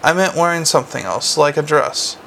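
A man's voice: a little high, expressive, brisk, gravelly, a bit bright, slight background noise. A man voicing a prying, coaxing young vampire policewoman in an audiobook. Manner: probing, coaxing.

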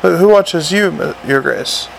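Read by a man, a small, fastidious inspector who speaks with calm, precise formality in an audiobook. The voice is gravelly and sits a touch high for a man. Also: slight background noise, low-quality recording. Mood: prim. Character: prim, calm, pedantic little male inspector. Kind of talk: audiobook character reading.

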